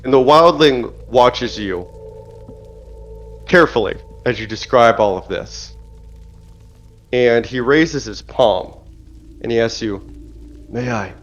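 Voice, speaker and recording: Measured man narrating a tabletop game. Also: mid-range voice, expressive. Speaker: game master. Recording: dull lo-fi audio with faint music.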